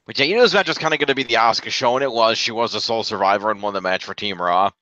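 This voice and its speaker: A man's voice: fairly low pitch, racing, bright, forceful tone, highs cut off. A man co-hosting a casual podcast, recapping wrestling matches in order with a few fillers. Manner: recaps results, fillers and restarts. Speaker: podcast co-host.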